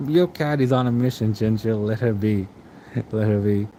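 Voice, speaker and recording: A man's voice: on the low side, normal speed, mellow, a little hiss or hum, poor audio. A young man streaming late at night, reading out chat and answering in a rambling, casual way with frequent chuckles.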